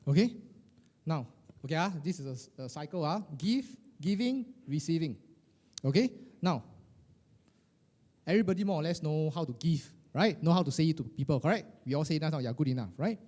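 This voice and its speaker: A middle-aged man leads a motivational workshop, peppering his talk with "lah" and "eh" and constantly checking in with the audience. His voice sits a little high, with a mellow, soft-edged tone. He sounds animated and conversational rather than scripted. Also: a little fast. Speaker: coach for financial advisors.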